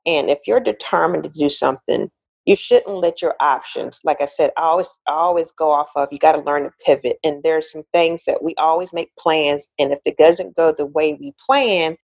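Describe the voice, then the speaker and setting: A woman in her forties, a podcast guest, telling a personal story in a lively way and acting out the voices of the people in it. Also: low-pitched, moderate pace, vocal fry, slightly rough, no room sound, dull audio. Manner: animated storyteller, acts out quoted voices, laughs often. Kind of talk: casual interview storytelling.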